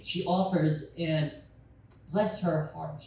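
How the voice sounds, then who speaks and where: Rambling young stand-up comic in an echoey bar. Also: male voice, on the high side, expressive, measured pace, slight background noise. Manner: loose, rambling, swearing, acting out scenes with shouted quotes. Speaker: stand-up comedian. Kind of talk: stand-up storytelling. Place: bar stage. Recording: echoey bar room from far off.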